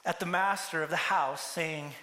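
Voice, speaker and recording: A man's voice: sits high, normal speed, bright, forceful tone. A man preaching a sermon, telling a story and acting out the characters' lines. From United States. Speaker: pastor. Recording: echoey hall with long reverb.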